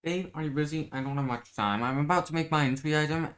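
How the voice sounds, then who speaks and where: A man voicing an impatient, chatty teenage girl who talks in a hurried, insistent way, reading a comic aloud. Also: fairly high pitch, fairly bright tone, pitched above the performer's own voice, close to an everyday voice.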